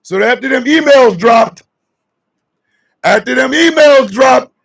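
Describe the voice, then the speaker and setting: A man hosting a radio show, shouting and mocking in loud comedic commentary. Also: very high voice, slow, vocal fry, slightly rough. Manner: shouting, mocking, excitable riffing.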